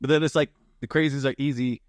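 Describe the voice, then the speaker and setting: A man co-hosting a podcast in casual chat, laughing often and acting out quoted lines in higher voices. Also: steady tone, quick pace, no room sound, studio quality. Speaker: podcast co-host.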